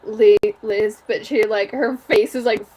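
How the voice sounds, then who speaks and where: A woman's voice: medium pitch, steady tone, a little slow, dark tone. A young woman co-hosting a podcast in casual chat, chatty and giggly, full of filler words. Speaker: podcast co-host.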